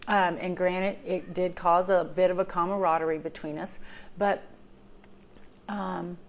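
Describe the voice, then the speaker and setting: In a lowish, steady voice and at a slightly slow pace, a vlogger talks personally about recovery. The advice comes out earnest and emotional, peppered with ums and repetitions meant to drive points home.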